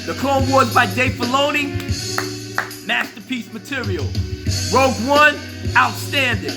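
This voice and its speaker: A male vlogger hosting his own show in an animated, profane, laughing rant. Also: very high voice, measured pace, over music. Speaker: vlogger host. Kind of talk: casual rant.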